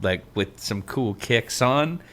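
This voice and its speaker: A man hosting a podcast in a jokey, playful way, often breaking into laughter. His voice is bright and forward. His pitch jumps around a lot. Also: animated, slow. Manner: jokey, laughing often, reads passages aloud. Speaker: podcast co-host. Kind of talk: casual podcast chat.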